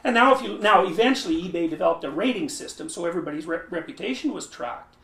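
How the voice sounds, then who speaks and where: A man's voice: sits high, expressive, fast talker, vocal fry, a bit bright. A man lecturing who often restarts his phrases, thinks aloud and stresses key words. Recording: roomy echo.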